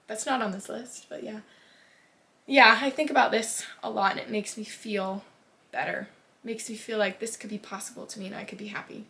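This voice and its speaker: A woman's voice: medium pitch, fairly even intonation, normal speed, pushed and bright. A young woman talking casually to camera about favorite books, gushing and emotional, swearing freely and trailing off into restarts. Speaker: book vlogger.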